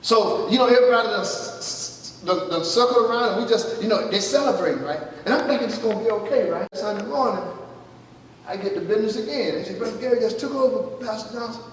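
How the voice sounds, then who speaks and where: A man's voice: sits high, quick pace. A man pastor telling a testimony in a sermon, acting out the dialogue and asking the congregation if they are listening. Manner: storytelling, acting out dialogue, calls out "you listening?". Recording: echoey hall from far off, faint noise.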